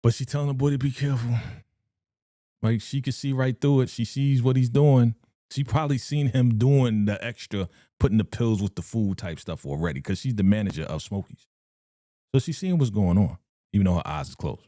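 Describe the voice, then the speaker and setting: Lively man reacting to a TV episode. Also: mid-range voice, moderate pace, no room sound, clean studio sound. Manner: animated, slangy, laughs and reenacts characters' lines. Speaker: reaction streamer. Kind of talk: live TV episode reaction commentary.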